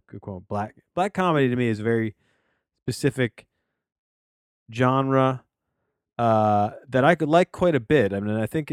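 A man's voice: fairly low pitch, a little mellow, no echo. A middle-aged man hosting a solo movie review podcast from his home office studio, rambling off on jokey tangents. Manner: digressive, jokey, trailing off into tangents.

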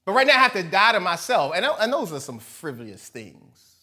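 A man preaching a sermon, animated, moving between loud emphatic lines and soft asides, often laughing. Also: sits high, fairly quick, husky. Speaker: pastor.

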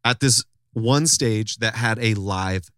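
A man hosting a podcast, telling a story in loose, animated, profane casual chat. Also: lowish voice, slow pace, no echo, clean studio sound. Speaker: podcast host.

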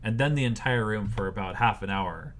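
Joking low-voiced man, faint hiss. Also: a little fast, fairly bright tone. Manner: joking, teasing questions. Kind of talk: casual interview chat.

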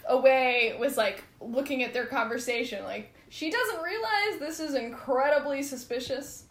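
A woman's voice: lively intonation, normal speed. A young woman chatting casually as a guest on a podcast, laid-back and wry. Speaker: guest co-host. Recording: echoey room with faint rumble.

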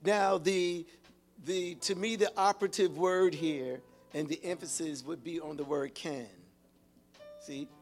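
High-voiced preacher calling out to his flock. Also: steady tone, faint music behind. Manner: calls out to the congregation with repeated "hello?" and "whoa"; halting, repeats words while searching for them. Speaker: pastor and Bible teacher. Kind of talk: interactive teaching sermon.

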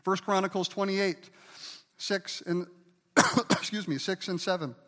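A man's voice: high-pitched, steady tone, unhurried, pushed and bright, in a large hall. A male pastor preaching a sermon with emphasis, asking the congregation to repeat key words after him.

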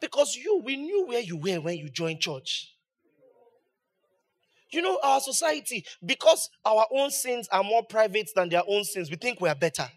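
A man's voice: high-pitched, very animated, moderate pace. A man preaching a sermon as pastor, building emphasis with rhetorical questions.

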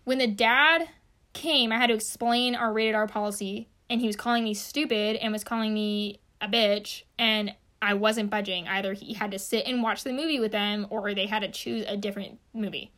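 A woman's voice: mid-range voice, fairly even intonation, normal speed, sharp tone. A young woman telling a work story in casual chat, rambling and saying "like" constantly. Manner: rambling, heavy use of "like".

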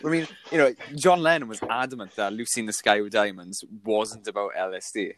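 A man's voice: on the low side, a little fast, fairly bright tone, a little hiss or hum. A Welsh man chatting as a podcast guest, joking and laughing through his stories. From Wales. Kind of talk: casual chat.

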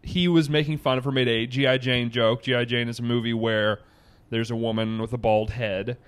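A man co-hosting a casual talk show, retelling events in an animated, emphatic way. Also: mid-range voice, moderate pace, clean tone. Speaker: podcast co-host. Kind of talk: casual chat.

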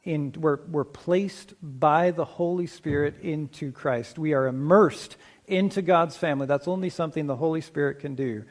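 Speaking as pastor, a middle-aged man with a fairly high pitch preaches in a measured, conversational tone. He asks the congregation questions and slows down whenever he wants a point to land.

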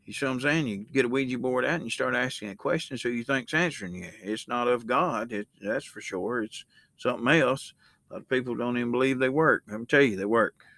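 A man's voice: medium pitch, a little fast, a bit bright, dry recording. A man hosting a Christian podcast, talking in a loose, rambling way and reading scripture aloud with rising emphasis. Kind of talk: casual spoken sermon.

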